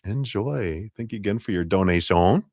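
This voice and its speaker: A middle-aged man hosts a live tarot reading stream in a very low voice that still swings up and down a lot. He is chatty and laughs often, recorded close and dry with no room sound. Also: lively intonation, moderate pace, darkish tone, breathy edge, no room sound. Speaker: tarot reader.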